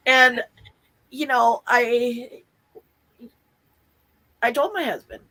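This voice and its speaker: A woman's voice: a little high, lively intonation, slow pace, long pauses, bright, forceful tone, breathy edge, rough recording. A woman guest in a casual conversation, a former client who talks bluntly and candidly, laughing often and swearing mildly.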